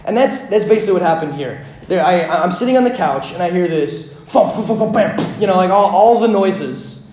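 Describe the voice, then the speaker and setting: High-voiced man preaching in an echoey room. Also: lively intonation, brisk, slight background noise. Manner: conversational, filler-heavy, swinging from hushed to loud. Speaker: pastor. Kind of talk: sermon with personal storytelling.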